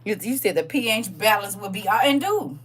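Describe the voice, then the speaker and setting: A woman hosting a livestream, talking in a casual, preachy, comic way, animated, laughing and teasing. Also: mid-range voice, a little fast, recorded from a distance. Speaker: livestream host.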